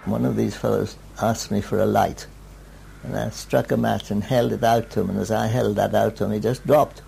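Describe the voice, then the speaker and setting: An older man with a gravelly voice, slowly recalling memories in an interview. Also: fairly low pitch, steady tone, dark tone, slight background noise. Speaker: war veteran interviewee. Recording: dull lo-fi archive recording.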